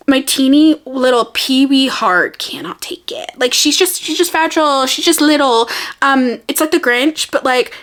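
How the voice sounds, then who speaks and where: A woman's voice: high-pitched, fairly bright tone. A young woman chatting casually about books on her vlog, bubbly and rambling, laughing often and poking fun at herself. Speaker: book vlogger. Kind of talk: casual chatty book review.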